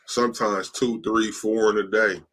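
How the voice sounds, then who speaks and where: A man speaking as a guest on a podcast in a relaxed, casual way, his phrases loose and running on, with the hiccups. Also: lowish voice, normal speed, slightly rough. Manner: laid-back, talks in loose run-on phrases. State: has the hiccups. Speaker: podcast guest, t-shirt designer.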